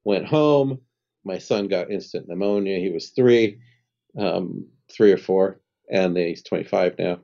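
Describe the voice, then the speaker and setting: Deep, dark-toned man telling stories. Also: measured pace, vocal fry, dull audio. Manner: animated storyteller who acts out dialogue and laughs often. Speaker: guest, spiritual healer. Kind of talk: storytelling in a podcast interview.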